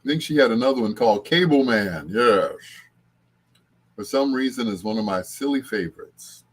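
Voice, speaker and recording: A man's voice: medium pitch, lively intonation, normal speed, husky. An older man hosting a late-night show, chatting casually and rambling with frequent chuckles. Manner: chuckling, rambling, bursts into sung snippets. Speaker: host.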